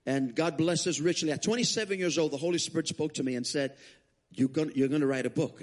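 Male guest preacher, sermon testimony, fairly high voice, animated storytelling, restarts. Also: fast.

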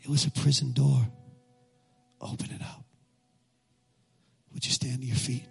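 Husky-voiced male pastor preaching. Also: mid-range voice, level tone, quick pace, darkish tone, faint music behind. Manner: impassioned, leads congregation in call-and-response. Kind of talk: sermon and prayer. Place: church sanctuary.

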